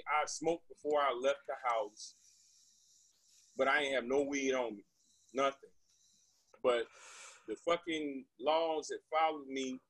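A husky man, pitched a little high, telling a story on a podcast. He talks in an animated, indignant way and swears freely, recorded close and dry. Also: no room sound, low-quality recording. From Texas. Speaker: podcast guest, rapper. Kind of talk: casual storytelling.

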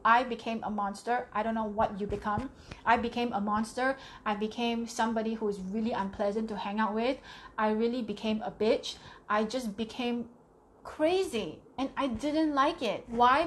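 A middle-aged woman vlogging to camera about money, talking candidly and emphatically and often repeating her phrases. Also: on the high side. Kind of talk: casual talk to camera.

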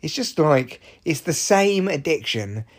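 A man's voice: on the high side, very animated, a little slow. A man hosting a podcast, talking candidly and swearing freely, rambling with restarts and side remarks. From Scotland. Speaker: podcast host. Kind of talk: casual monologue.

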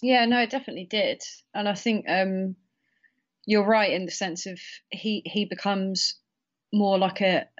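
A woman's voice: medium pitch, fairly even intonation, a little slow, muffled recording. A woman co-hosting a casual film discussion, rambling a bit with fillers and restarts.

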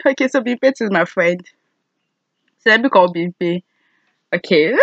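A young woman, chatting casually to camera as a vlogger, excitable and giggly with loud exclamations. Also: lowish voice, measured pace, long pauses, dry recording, muffled recording.

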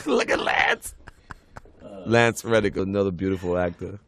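A man chatting enthusiastically on a commentary track, casual and relaxed. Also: deep voice, slow.

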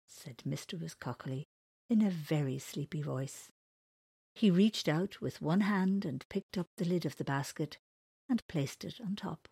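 A woman reading a children's storybook aloud in a slow, gentle manner. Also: low voice, gravelly, breathy edge, dry recording. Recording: dry close recording.

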